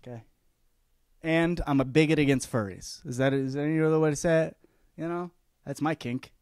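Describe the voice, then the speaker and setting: A man's voice: a little high, fairly quick, a little mellow, smooth, dry recording. Cocky, profane man rambling dry. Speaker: podcast host. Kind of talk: rambling comedic monologue.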